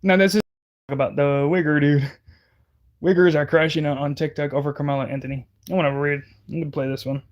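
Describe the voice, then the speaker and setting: A man's voice: on the high side, steady tone, fairly quick. A man giving casual reaction commentary, rambling and heated, stumbling over restarts. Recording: dull lo-fi audio.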